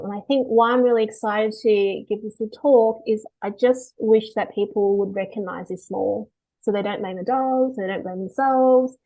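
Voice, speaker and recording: Lively woman dog behaviourist. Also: mid-range voice, low-quality recording. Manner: lively, acts out owners and dogs in quotes. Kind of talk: webinar talk.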